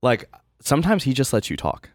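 A man's voice: medium pitch, sing-song, a little fast, no echo, clean studio sound. A man co-hosting a podcast, talking earnestly and candidly in casual chat. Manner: earnest, candid, talks in fillers and restarts. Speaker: co-host.

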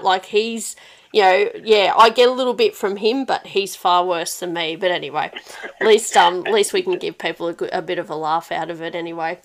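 An Australian woman hosting a podcast, chatting casually, telling stories and laughing often. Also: medium pitch. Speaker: podcast host. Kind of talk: casual chat.

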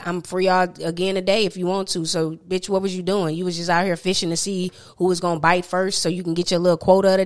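Blunt, profane woman ranting. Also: sits low. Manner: blunt, profane, animated storyteller. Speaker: podcast co-host. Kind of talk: casual chat, storytelling rant.

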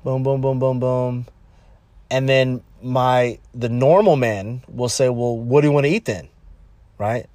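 Animated man giving blunt relationship advice. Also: unhurried, dry recording. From California, United States. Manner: animated, repetitive, acts out quotes in higher voice. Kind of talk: casual monologue.

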